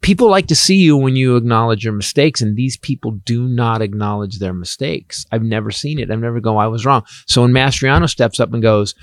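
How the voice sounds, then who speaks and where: A man's voice: medium pitch, brisk, hardly any pauses, no room sound. A man on a comedy podcast rants about the news in a fired-up, profane way, switching between quoted voices and his own. His voice sits in a middle register and is recorded dry and close, with no room around it. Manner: profane, animated, acts out quotes. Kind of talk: casual political podcast chat.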